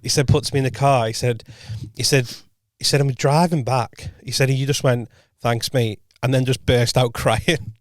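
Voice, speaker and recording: Male podcast co-host, mid-pitched, rambling storyteller who keeps correcting himself and acts out quoted lines softly, dry close studio mic. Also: fairly even intonation, moderate pace, hardly any pauses, dry recording. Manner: rambling anecdote, frequent self-corrections and quoted dialogue. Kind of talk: casual storytelling chat.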